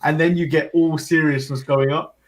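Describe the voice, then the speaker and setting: A man with a raised, high voice talks through a wrestling recap. He laughs often and argues his points. He keeps steering the chat on to the next match. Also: fairly even intonation, moderate pace. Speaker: podcast co-host.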